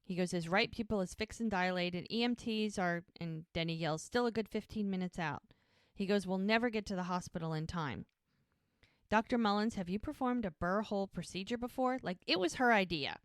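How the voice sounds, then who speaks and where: A woman's voice: mid-range voice, brisk, clear, resonant tone, no echo, clean studio sound. A woman co-hosting a podcast, recapping episodes in casual chat and quoting the characters' lines as she goes. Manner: retells scenes by quoting characters. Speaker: podcast co-host.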